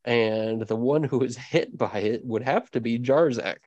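A man's voice: medium pitch, a little slow, a little mellow, dry recording. A man narrating as game master of a tabletop game, casual and rambling with fillers. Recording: dull dry lo-fi mic.

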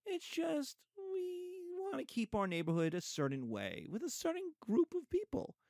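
A man's voice: very high-pitched, huge pitch swings, normal speed, creaky, a little mellow, no room sound, clean studio sound, voice pushed up, full character voice. A man doing a smarmy, polite neighborhood official. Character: polite condescending white neighborhood representative.

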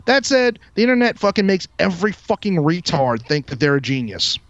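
A man's voice: high voice, big pitch swings, fairly quick, dry recording. A man hosting a podcast who delivers a heated, profane, emphatic rant. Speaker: podcast host. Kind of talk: ranting podcast monologue. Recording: dull lo-fi, dry sound.

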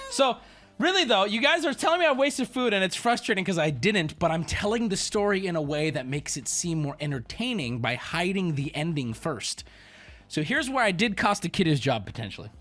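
A man's voice: high-pitched, fairly bright tone. A man livestreaming, telling a story as a profane, sarcastic rant. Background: faint background music.

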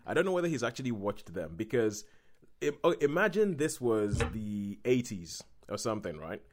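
A man's voice: lowish voice, sing-song, moderate pace. A man hosting a casual chat about films, telling stories and acting out quotes in exaggerated voices.

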